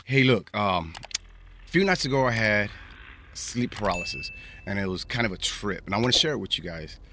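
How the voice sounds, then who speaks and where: A man's voice: on the low side, animated, fairly quick, sharp tone, a little hiss or hum. A man hosting a podcast, telling a personal story in a casual, rambling way, repeating himself and using slang. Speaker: podcast host.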